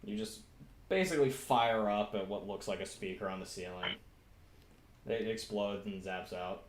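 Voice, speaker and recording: A man's voice: fairly low pitch, normal speed, echoey room, a little hiss or hum. A man running a tabletop game as game master, narrating scenes and laughing often.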